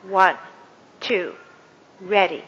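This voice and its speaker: A woman speaker leading an audience through a counting and clapping exercise, with many fillers and warm praise. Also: mid-range voice, lively intonation, extremely slow, breathy edge, dull audio. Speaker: guest speaker. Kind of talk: interactive workshop talk. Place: event hall with audience. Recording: echoey hall with faint ambience.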